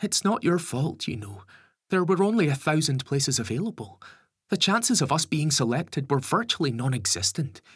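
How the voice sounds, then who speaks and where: A man voicing a caring, gently firm mother with dry wit in an audiobook. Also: fairly high pitch, very animated, normal speed, slightly rough, no echo, pitched above the performer's own voice, exaggerated voice. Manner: soothing, teasing. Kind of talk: audiobook character voice.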